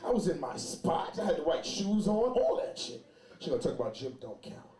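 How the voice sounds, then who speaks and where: A man doing a loud, animated stand-up comedy set, telling stories and shouting some bits. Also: a little high, fairly quick. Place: comedy club stage. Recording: roomy club with crowd. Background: audience laughter.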